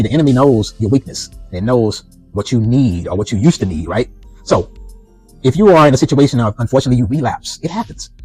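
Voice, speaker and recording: A middle-aged man talks through a personal story in a loose, conversational way, often checking in with "you know". His voice is husky, his pace is quick, and his pitch moves a lot. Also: darkish tone, poor audio. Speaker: vlogger. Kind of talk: personal reflective monologue.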